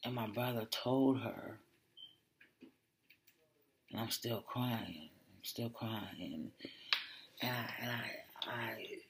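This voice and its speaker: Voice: medium pitch, slow pace, vocal fry, long pauses, a little hiss or hum. A podcast host telling a personal story in a reflective way, often dropping to a whisper and repeating words. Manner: repeats words and restarts when emotional.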